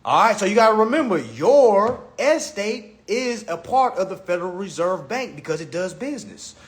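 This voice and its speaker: The livestream host, talking into his phone, delivers a mocking, profane lecture that loops back on itself in a casual rant. He sounds very animated, with a high pitch and a moderate pace.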